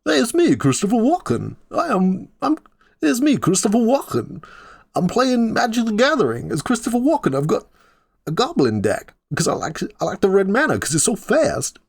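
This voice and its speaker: A man putting on a comic impression of a famous older actor, pitched far above his own voice and swooping up and down. It stutters along in halting fragments and repeats words. The sound is dry and close. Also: huge pitch swings, creaky, slightly rough, dry recording, exaggerated voice. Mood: playful.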